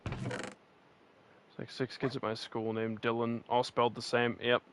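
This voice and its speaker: A man's voice: medium pitch, completely flat delivery, unhurried, a bit bright, clean tone, rough recording. A man streaming a game in casual chat, rambling, laughing often and answering his chat. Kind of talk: casual chat while playing and reading chat.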